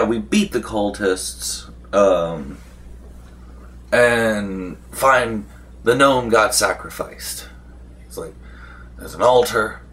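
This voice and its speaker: A young man with a somewhat low voice talks through a tabletop role-playing session at an unhurried, drawn-out pace. He rambles, stops to restart sentences, and slips into the voices of the game master and the other players. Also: a bit bright. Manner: rambling, with many fillers and restarts. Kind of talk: casual recap.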